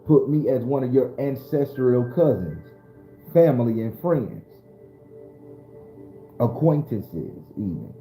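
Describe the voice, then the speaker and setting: A man hosts a loose, preachy spiritual livestream, speaking casually and directly to his viewers. His mid-range voice is warm and expressive, slow with long pauses, and the roomy-sounding audio carries faint music behind him.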